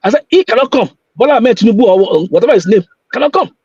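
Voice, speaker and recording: A man's voice: very high voice, animated, very fast, a little mellow, slightly rough, no echo, lo-fi sound. A man calling in to a live talk show, insistent and repetitive, often stumbling over his words. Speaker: caller. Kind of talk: call-in chat on a live show.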